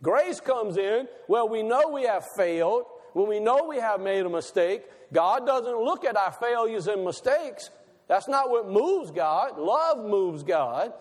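Man preaching, high voice, long hall echo, asks the congregation questions, slows for emphasis. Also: animated, darkish tone. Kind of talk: sermon.

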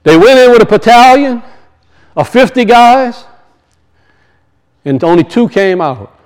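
A man preaching an impassioned sermon in a church, repeating phrases and swinging between loud emphasis and quiet. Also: very high voice, lively intonation, measured pace, poor audio. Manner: impassioned, repetitive, rising and falling emphasis.

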